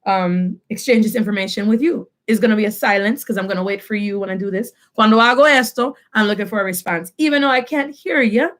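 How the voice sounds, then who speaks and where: A woman in her thirties teaching a lively online language lesson to students, mixing English and Spanish and repeating phrases as drills. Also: medium pitch, fast talker, few pauses. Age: 30s.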